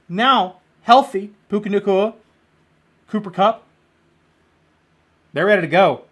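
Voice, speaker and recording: Male sports-picks vlogger, high-pitched, blunt and excitable, casual jokey delivery. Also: takes it slowly, long pauses. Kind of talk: casual football picks monologue.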